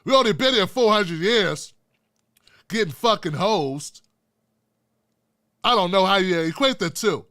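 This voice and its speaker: High, bright-voiced, profane ranting man. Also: lively intonation, a little slow, long pauses, no echo, studio quality. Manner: profane, heated, swears constantly. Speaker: host. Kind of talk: political commentary rant.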